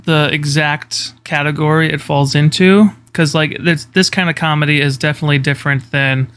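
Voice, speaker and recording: A man's voice: a little high, normal speed, clear, resonant tone. A man co-hosting a podcast, chatting casually and profanely about a movie, acting out lines from scenes. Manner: chatty, profane, quotes scenes with animated impressions. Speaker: podcast co-host. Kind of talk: casual chat.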